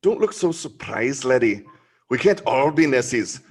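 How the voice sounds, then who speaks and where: A man's voice: mid-range voice, very animated, normal speed, breathy edge, voice pushed up. A man doing a playful put-on Scottish accent, reading a cartoon character's lines with a hammy delivery. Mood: teasing.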